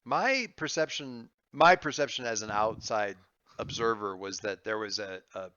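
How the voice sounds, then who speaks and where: A man running a tabletop game, chatting out of character, excitable and halting, with many restarts. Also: on the low side, no room sound. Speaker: game master. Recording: slightly muffled dry audio.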